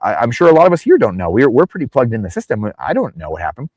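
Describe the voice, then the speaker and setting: A man's voice: medium pitch, huge pitch swings, quick pace, darkish tone, no room sound. A man speaking as a podcast guest in casual interview talk, rambling off on tangents and acting out the people he quotes. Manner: acts out quoted people in exaggerated voices.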